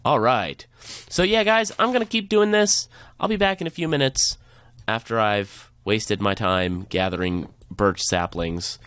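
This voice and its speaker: A man's voice: fairly low pitch, a little slow, fairly bright tone, smooth, no room sound. A man hosting a let's play, chatting and cheering or groaning at the game as he plays. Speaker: gaming channel host.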